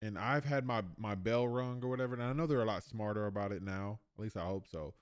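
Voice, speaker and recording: A man's voice: fairly low pitch, fast talker, clean tone, no room sound, studio quality. A young man giving loose, joking commentary on a live stream as he reacts to a talk. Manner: loose, joking asides with slang.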